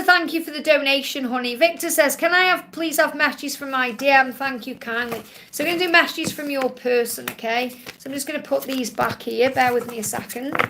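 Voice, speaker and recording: A woman's voice: sits high, bright, forceful tone, slight background noise. A woman doing a live-stream tarot reading, reassuring her viewers in a soothing way and often repeating her phrases. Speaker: tarot card reader.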